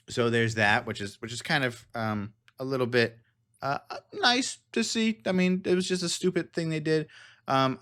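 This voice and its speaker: A man's voice: fairly low pitch, a bit bright. A man hosting a casual commentary podcast, rambling and digressive with frequent laughs. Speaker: podcast host.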